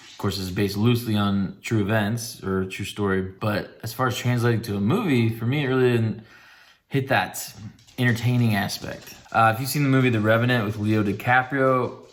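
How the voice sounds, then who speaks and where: A man's voice: on the low side, a bit bright. A man giving a casual spoken movie review in a laid-back, rambling way with wry asides.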